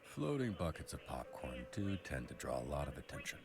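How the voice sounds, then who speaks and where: A man's voice: very deep voice, sing-song, a little fast, creaky, heavily acted. An actor playing a blunt, wry adult man giving frank advice in a game. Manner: dry, frank pep talk. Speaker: game character. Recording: game audio with music behind.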